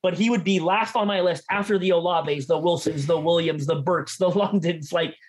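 Excited guy talking sports fast on a podcast, trips over his words a lot. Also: fairly high pitch, a little hiss or hum. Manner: energetic, fast, stumbles over repeated words. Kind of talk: casual sports chat.

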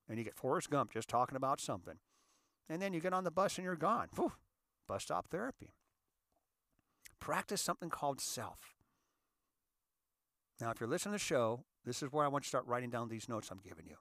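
A man's voice: medium pitch, brisk, pauses often, no room sound, clean studio sound. A middle-aged man hosting a casual self-help talk show from his car, joking and acting out quoted voices. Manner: animated, jokey, acts out voices in quoted dialogue. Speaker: radio show host. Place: inside his parked car.

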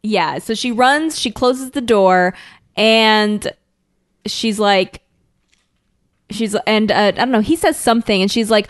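A woman's voice: a little high, moderate pace, dry recording, studio quality. A woman casually recapping an episode on a podcast, acting out the characters' lines with laughter. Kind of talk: casual chat.

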